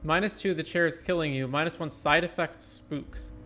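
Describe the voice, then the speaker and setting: A man's voice: on the high side, normal speed, fairly bright tone. A man streaming a game and reading its dialogue aloud in a wry, offhand manner.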